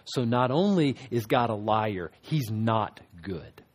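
Husky pastor guy preaching, lowish voice, gets loud then drops quiet. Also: lively intonation, takes it slowly. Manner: emphatic, swings from loud to hushed. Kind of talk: sermon.

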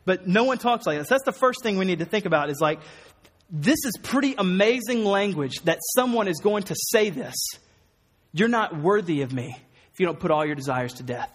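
A man's voice: fairly high pitch, breathy edge. Earnest male preacher in an echoing hall. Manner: earnest, emphatic, with wry asides. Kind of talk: sermon. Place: church hall.

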